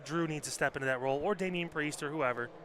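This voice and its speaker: A man's voice: a little high, fast talker, background noise. A man co-hosting a wrestling podcast in casual chat, blunt and swearing freely. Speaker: podcast co-host.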